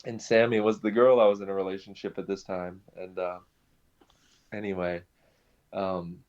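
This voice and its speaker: A young man telling his conversion story in casual conversation, animated, laughing often and restarting his sentences. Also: sits low, normal speed. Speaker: guest sharing his conversion testimony. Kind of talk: conversational personal testimony. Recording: dull lo-fi sound.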